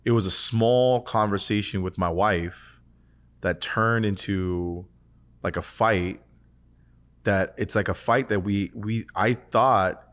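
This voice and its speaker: A man's voice: lowish voice, takes it slowly, fairly bright tone. A man co-hosting a casual faith podcast, telling a personal story in an earnest, rambling way, full of "like" and restarts. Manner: earnest, rambling, heavy use of "like". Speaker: podcast co-host.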